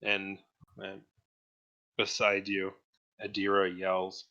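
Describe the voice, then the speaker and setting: A man narrating as game master in a relaxed, hesitant way with many fillers. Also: fairly low pitch, a little slow, pauses often, poor audio.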